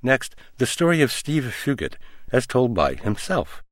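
A man, the host and producer, reading a scripted introduction in a measured way. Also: mid-range voice, big pitch swings, no echo, clean studio sound. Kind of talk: scripted narration.

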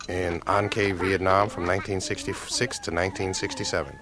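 A man's voice: sits low, flat delivery, brisk. A man from Illinois, a former combat engineer, reflecting thoughtfully on the war. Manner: thoughtful and searching. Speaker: Vietnam veteran, combat engineer. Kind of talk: reflective interview testimony.

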